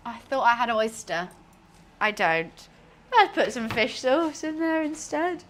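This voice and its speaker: Slow-talking woman, chatty cook. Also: fairly high pitch, fairly bright tone, a little hiss or hum. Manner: chatty, swears casually, talks to herself. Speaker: streamer. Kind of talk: casual cooking livestream chat.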